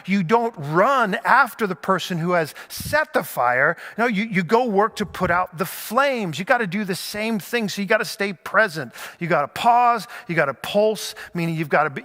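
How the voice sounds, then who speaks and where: A man's voice: high-pitched, pushed and bright. A man preaching a sermon, pressing his points with repeated, urgent exhortations. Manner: repetitive, exhortative preaching with rising emphasis. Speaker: pastor. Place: church gathering, also streamed.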